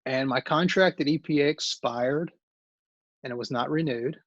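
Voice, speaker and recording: A man who works as an engineering librarian gives an informal guest talk about his career, rambling and self-correcting as he goes. He speaks at a moderate pace in a medium-pitched voice, with no room sound, over dull, lo-fi call audio.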